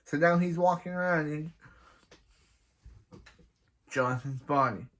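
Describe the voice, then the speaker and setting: A man casually recapping an anime episode, rambling, restarting sentences, and often trailing off quietly. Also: fairly high pitch, unhurried. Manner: rambling, with frequent restarts and "he's like" retellings.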